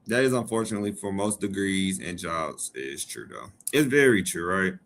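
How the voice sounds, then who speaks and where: A man with a fairly low voice hosts a live stream in a loose, conversational way. He is from Georgia and reads chat comments aloud. He jokes and repeats his phrases for emphasis. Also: animated, normal speed, few pauses, a bit bright.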